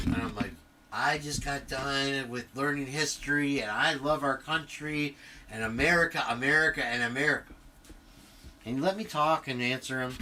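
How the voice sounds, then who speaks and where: A man's voice: medium pitch, background noise. A middle-aged man hosting a livestream, telling a long, rambling story full of swearing and tangents. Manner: profane, tangent-prone, animated retelling. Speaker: livestream host.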